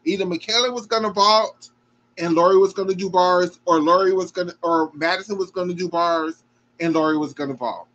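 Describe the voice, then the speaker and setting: A man's voice: sits high, a little fast, a bit bright, muffled recording. A man hosting a gymnastics reaction show, talking emphatically and emotionally and swearing freely.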